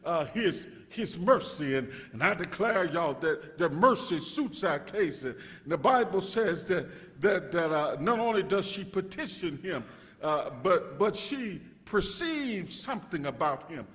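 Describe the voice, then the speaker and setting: A male pastor preaching a sermon, restarting words in stammering repeats and rising to shouts as he calls out to his congregation. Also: high voice, big pitch swings, a little slow. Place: church sanctuary. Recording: long reverb of a church hall.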